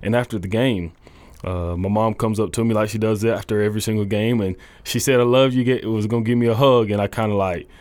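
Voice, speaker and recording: Earnest low-voiced young man, dry sound. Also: steady tone, a little mellow, no room sound. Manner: halting, many fillers and restarts, earnest storytelling. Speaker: college football coach. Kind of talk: casual testimony interview.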